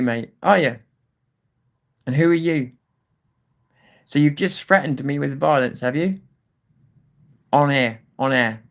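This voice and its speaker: A man's voice: mid-range voice, creaky. A man hosting a live stream and reading chat aloud, talking in a confrontational, swearing manner at times and apologetic at others. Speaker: livestream host.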